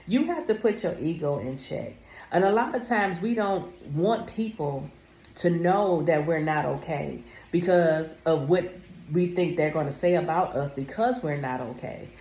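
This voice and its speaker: A wellness vlogger speaks casually and with emphasis to her viewers, calling them honey. Her low, mellow voice is expressive and a little slow, and the recording has a roomy sound with slight background noise.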